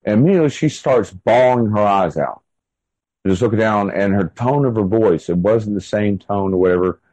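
A man in his thirties recounts events from his own life in an unhurried interview. His voice sits low and mellow, and he rambles, filling gaps with loose asides. The recording is dry and close. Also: dry recording, rough recording. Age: 30s. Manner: rambling, full of "like" and "and everything" fillers. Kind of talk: casual first-person storytelling.

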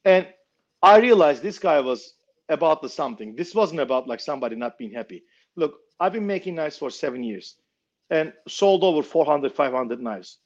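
A knife maker telling a story casually, blunt and swearing freely. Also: male voice, a little high, animated, moderate pace, highs cut off.

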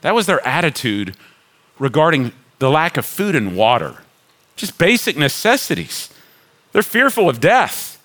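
A middle-aged man, a pastor preaching a sermon, animated, acting out complaining crowds in a raised voice. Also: on the high side, measured pace.

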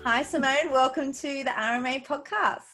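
A woman's voice: high voice, normal speed, soft background music. An Australian woman hosting a podcast interview, enthusiastic and full of fillers. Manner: enthusiastic, warm, with many fillers. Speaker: podcast host.

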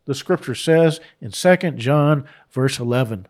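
A man preaching on scripture, emphatic and unscripted, repeating his key phrases and pausing for restarts and asides. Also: medium pitch, darkish tone.

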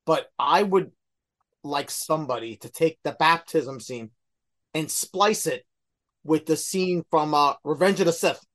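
A man's voice: fairly high pitch, measured pace, fairly bright tone. A man co-hosting a podcast, chatting about movies in a laid-back, hesitant way. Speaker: podcast co-host. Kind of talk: casual movie chat.

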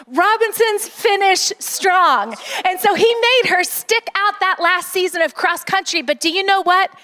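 Middle-aged woman pastor, very high voice, earnest rallying sermon delivery. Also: normal speed, bright, forceful tone.

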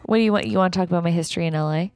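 A young woman chats casually and teases her co-host. Her voice sits a little low for a woman. The recording is dry and close. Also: very fast, a little mellow, clear, resonant tone, no echo. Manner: playful, teasing. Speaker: podcast co-host, daughter. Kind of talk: casual chat.

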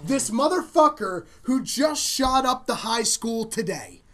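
A woman co-hosting a crude comedy podcast, loud and animated, often shouting and laughing as she talks. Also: on the high side, a little slow. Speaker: podcast co-host.

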